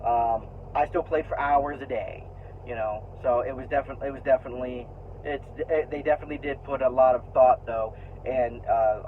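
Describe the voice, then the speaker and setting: A man vlogging in a casual, rambling way, full of fillers and restarts, and frank enough to swear when annoyed. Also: medium pitch. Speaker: vlogger sharing opinions. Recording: tinny phone-like sound with faint noise.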